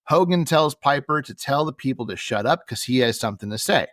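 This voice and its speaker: A man's voice: mid-range voice, animated, brisk, a bit bright, no echo. A man co-hosting a casual podcast, recapping events with dry, wry sarcasm. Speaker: podcast co-host.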